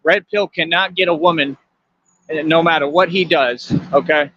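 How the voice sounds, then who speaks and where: A man's voice: a little high, steady tone, normal speed, fairly bright tone, dry recording, lo-fi sound. A man hosting a livestream, lecturing his viewers in a confrontational, repetitive rant. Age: adult. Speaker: livestream host.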